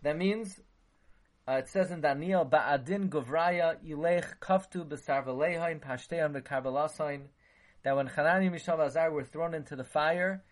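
A rabbi gives a Torah lecture in a fairly high-pitched voice at a normal speed. His talk is packed with Hebrew and Yiddish terms, and he acts out bits of dialogue.

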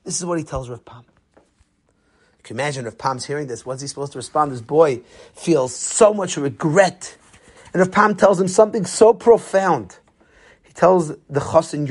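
A man's voice: on the high side, normal speed, breathy edge. A man giving a sermon as a rabbi, telling stories and using Yiddish and Hebrew terms.

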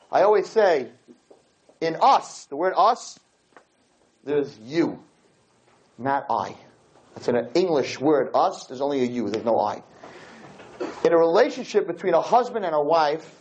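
A man's voice: on the high side, darkish tone. A man giving a lecture to a live audience, rhetorical and playful, acting out little scenes as he goes. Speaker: Torah lecturer. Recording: dull lo-fi lecture recording with faint hiss.

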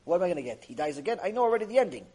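A man's voice: sits high, rapid-fire, low-quality recording. A man giving a Torah lecture as a rabbi, telling stories animatedly, often repeating himself. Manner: animated, repetitive, acts out the people in his stories.

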